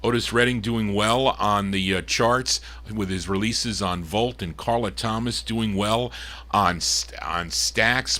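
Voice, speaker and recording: A man hosting a live record show, chatting between songs and pausing on fillers as he gives details. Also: lowish voice, sharp tone. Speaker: radio-style record show host.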